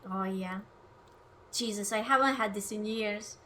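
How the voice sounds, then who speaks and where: A woman's voice: medium pitch, a little slow, a bit bright, a little hiss or hum. A young woman from Hungary, chatting casually on a livestream while she cooks, playful and self-mocking. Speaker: streamer.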